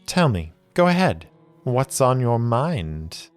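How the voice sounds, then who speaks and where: A man's voice: medium pitch, sing-song, slow, faint music behind, voice pushed up. A man voicing a cold, commanding woman lieutenant who asks cool, probing questions.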